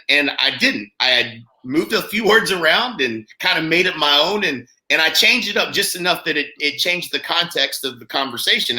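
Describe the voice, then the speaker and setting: A real estate coach from Oklahoma talks as an interview guest, reeling off anecdotes at a rapid clip. His voice is strikingly bright and sharp. He leans on "like" and "right?" as he goes, with an easy conversational looseness. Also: medium pitch, roomy sound, poor audio. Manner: fast, animated anecdotes with frequent "like" and "right?". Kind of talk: casual storytelling interview.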